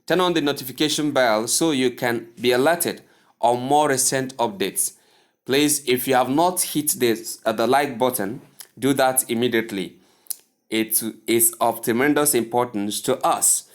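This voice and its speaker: A man with a Nigerian English accent teaching pronunciation in a formal, deliberate way, repeating words to contrast right and wrong forms. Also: mid-range voice. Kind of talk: slow deliberate pronunciation lesson.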